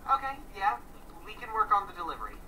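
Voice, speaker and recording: An actor playing a talkative teen friend in a video game, joking and encouraging. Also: male voice, sits high, huge pitch swings, fast talker, sharp tone, exaggerated voice. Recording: game audio, distant with noise.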